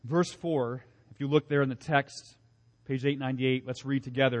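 A man's voice: mid-range voice, fairly even intonation, moderate pace. A male pastor preaching a sermon in an earnest, emphatic way, asking rhetorical questions and repeating key phrases.

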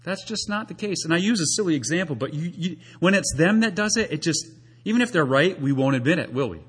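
Male pastor, high husky voice, animated sermon delivery. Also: quick pace. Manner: animated, acts out quoted voices.

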